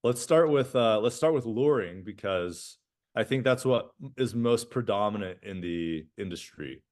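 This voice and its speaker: A man's voice: on the low side, animated, measured pace, a little mellow. A man co-hosting a podcast, chatting casually and animatedly, restarting sentences and tagging them with "right?". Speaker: podcast co-host.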